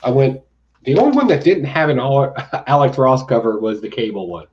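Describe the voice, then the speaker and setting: A man's voice: medium pitch, very animated, a little fast, dull audio. A man hosting a comic book podcast, chatting casually with sarcastic asides and frequent laughter. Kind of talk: casual comic review chat.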